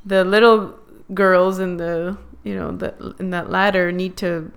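A woman who is a podcast guest, talking in casual chat, thoughtful and pausing with fillers. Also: lowish voice, level tone, clean tone.

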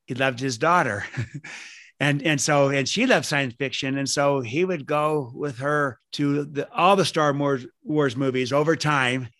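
A man's voice: medium pitch, a bit bright, no room sound. Male author guest, earnest storyteller, close dry mic. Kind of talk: podcast interview.

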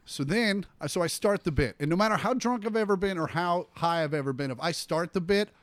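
This man is a comedian spinning a tale on a podcast, jumping into voices for everyone in the story. His voice sits a touch high for a man, and the sound is close and dry with no room around it. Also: fairly quick, no echo. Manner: animated storyteller acting out quotes. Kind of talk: casual storytelling chat.

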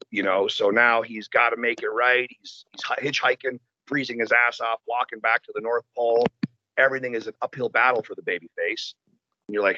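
Animated, profane man, lo-fi sound. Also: medium pitch, a little fast, no echo. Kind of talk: casual chat. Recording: dull lo-fi sound.

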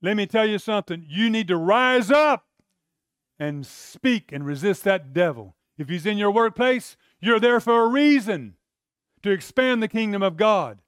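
A man preaching a sermon to a congregation, telling Bible stories with animated delivery and acting out quoted voices. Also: sits high, unhurried, smooth, no room sound, clean studio sound.

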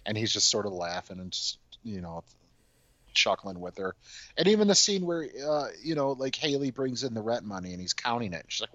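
A man chatting casually about a film, relaxed and hedging with "you know" and "sort of", swearing now and then. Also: fairly low pitch, a little fast, no room sound. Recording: dull, dry lo-fi mic.

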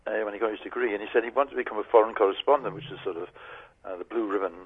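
Older Tyneside man, husky, on phone. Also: on the low side, very fast. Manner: rambling anecdotes with chuckles. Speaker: regular guest, former journalism lecturer. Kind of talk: casual radio chat. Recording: tinny phone line.

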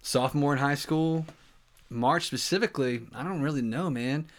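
A man's voice: on the high side, moderate pace. A man co-hosting a comedy podcast who tosses in dry quips during casual chat. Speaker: podcast co-host.

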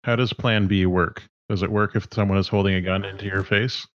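Relaxed man running a tabletop game. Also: low-pitched, fairly quick, no echo, muffled recording. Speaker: game master.

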